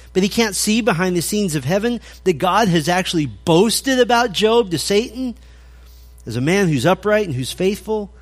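A male pastor preaching through scripture, reading verses aloud and commenting with dry irony, with occasional stammered restarts. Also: on the high side. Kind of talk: expository sermon.

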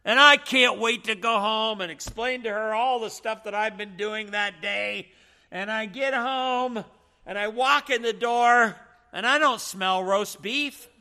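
A man's voice: high-pitched, fairly even intonation, normal speed, gravelly, hardly any pauses, bright, forceful tone, voice pushed up, full character voice. A man acting out a tired, hungry young seminary student who grows outraged about dinner. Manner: outraged rhetorical complaining.

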